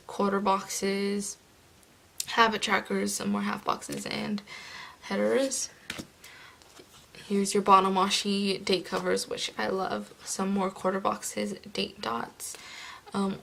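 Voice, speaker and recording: A young woman from California with a groggy morning voice, chatting casually while she decorates a planner. She rambles with lots of fillers and drops into soft murmurs now and then. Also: medium pitch, creaky, a little hiss or hum, low-quality recording. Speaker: planner vlogger.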